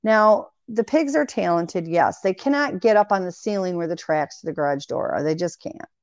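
A woman in casual conversation, telling long animated anecdotes full of quoted dialogue. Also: on the low side, normal speed, no echo. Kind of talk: casual storytelling chat. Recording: dry, dull lo-fi sound.

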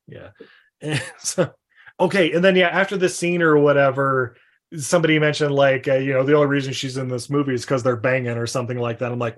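A man's voice: mid-range voice, fairly quick. A man hosting a casual film podcast, telling stories animatedly and acting out quotes with self-deprecating humor. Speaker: podcast host.

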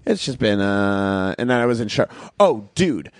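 A man, a comedian guest on a podcast, telling stories in an animated way and acting out his reactions. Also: on the low side, moderate pace, no room sound. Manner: animated storytelling, acts out his own reactions. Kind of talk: casual comedy podcast chat.

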